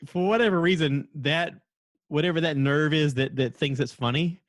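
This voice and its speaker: A man hosting a casual podcast, telling animated stories to his friends. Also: on the high side, normal speed, dry recording, clean studio sound. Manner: animated storyteller. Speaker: podcast host.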